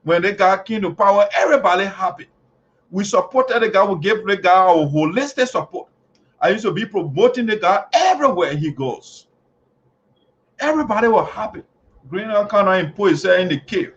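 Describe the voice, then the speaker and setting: A man's voice: high-pitched, lively intonation, moderate pace. A man hosting an online show, delivering heated political commentary full of mocking, chanting jeers. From Liberia. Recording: dull lo-fi audio.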